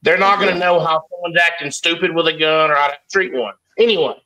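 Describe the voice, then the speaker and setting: Casting: man, high and bright voice, rambling casual chatter. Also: fast, dull audio. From United States. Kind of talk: casual live-stream chat.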